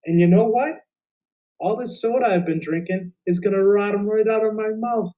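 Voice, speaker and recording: A man's voice: high voice, lively intonation, moderate pace, warm tone, low-quality recording. A man teaching an acting lesson to students on video, upbeat and playful as he coaches and performs a sample monologue.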